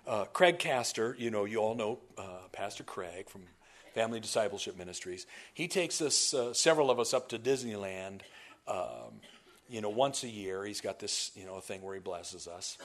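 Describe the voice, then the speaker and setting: Animated storytelling pastor, a man. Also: lowish voice, normal speed. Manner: animated, with restarts and asides to the congregation. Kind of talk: sermon storytelling.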